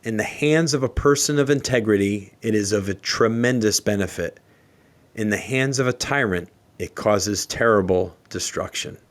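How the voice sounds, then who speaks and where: An earnest man hosting a motivational podcast, speaking in a fairly low voice. He reads quotes slowly and reflects on them with open emotion, in a heartfelt, personal way. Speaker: podcast host. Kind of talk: solo motivational podcast talk.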